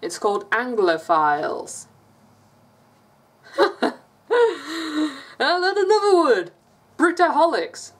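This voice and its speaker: A woman's voice: high voice, wildly swooping pitch, slow, pauses often. A woman from England with an English accent, chatting casually in a rambling vlog and laughing often. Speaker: vlogger.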